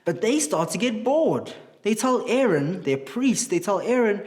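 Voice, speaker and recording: Man, kids' Bible teacher, animated, swooping pitch, fairly high voice, chatty storytelling. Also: unhurried. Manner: animated, chatty, asks children questions. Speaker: children's Bible class teacher. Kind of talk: storytelling Bible lesson for kids.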